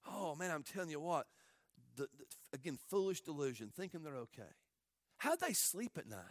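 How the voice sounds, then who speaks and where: A man preaching as a pastor, an impassioned sermon that swings from hushed asides to near shouts. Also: high-pitched, no echo, studio quality.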